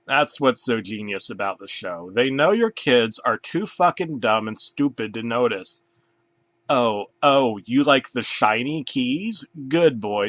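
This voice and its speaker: A man narrating a comedic horror story in a deadpan, crude manner. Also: on the low side, no echo.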